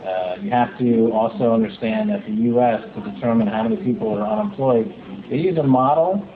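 A man calling in as a guest commentator, explaining economics in a steady, explanatory way over a call line. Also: medium pitch, a little fast, phone-quality sound, a crowd in the background.

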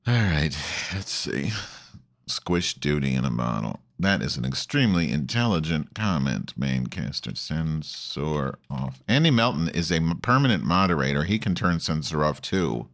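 A man's voice: very deep voice, sing-song, moderate pace, fairly bright tone. A man hosting an online call-in show, rambling in a campy, profane, loose way with many restarts. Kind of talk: casual rambling monologue.

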